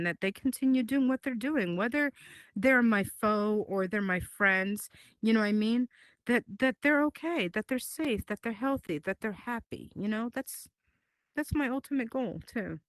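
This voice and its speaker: A woman giving an emotional personal statement as a talk show guest, halting and earnest, often repeating her words. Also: medium pitch, a bit bright, dry recording.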